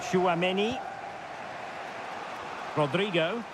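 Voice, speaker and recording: A man with a high voice calls a football video game match in clipped play-by-play lines. His calls climb sharply whenever a chance or goal comes. Loud stadium noise rumbles under every line. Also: very slow. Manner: crisp play-by-play calling player names, rising sharply on chances and goals. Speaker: football commentator.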